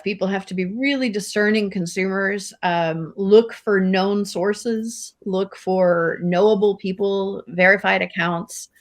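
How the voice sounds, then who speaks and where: A woman co-hosting a talk show, earnest and emphatic, repeating words for stress. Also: mid-range voice. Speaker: podcast co-host. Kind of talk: casual discussion.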